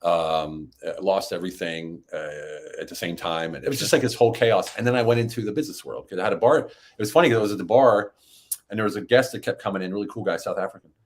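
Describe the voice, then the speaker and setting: Guy talking fast, kinda low voice, animated storytelling on a podcast. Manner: animated, rises high when acting out quotes. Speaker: podcast guest. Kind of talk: casual storytelling.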